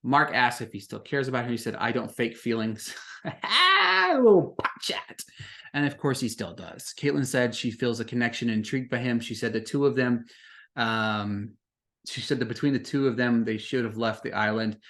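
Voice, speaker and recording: A young man hosting a podcast, recapping a reality show in casual chat and jumping into excited outbursts. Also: medium pitch, a little fast. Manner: animated, jumps to excited outbursts and laughs.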